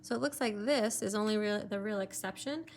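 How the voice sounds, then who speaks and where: A woman's voice: medium pitch, fairly quick, slight background noise. Woman teacher walking through a text. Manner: explains step by step with many fillers. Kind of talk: recorded remote lesson, annotating a text.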